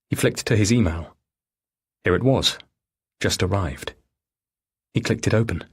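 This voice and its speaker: Husky low-voiced male audiobook narrator. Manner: steady, measured reading. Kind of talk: scripted narration.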